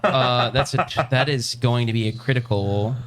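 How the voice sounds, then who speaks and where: A man running a tabletop game as game master, talking in a halting, hesitant way as he thinks aloud. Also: medium pitch, steady tone, fairly bright tone.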